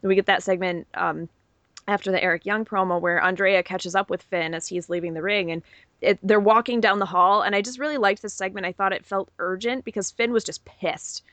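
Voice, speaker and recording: A woman's voice: mid-range voice, fairly even intonation, a little fast, fairly bright tone, no echo. A woman co-hosting a podcast, giving an enthusiastic, opinionated casual recap. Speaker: podcast co-host. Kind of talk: casual wrestling recap chat.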